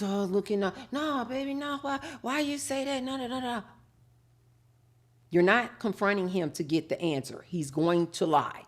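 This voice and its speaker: Woman host, 30s, animated monologue that acts out both sides of a conversation, low-ish voice. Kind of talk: live talk show monologue.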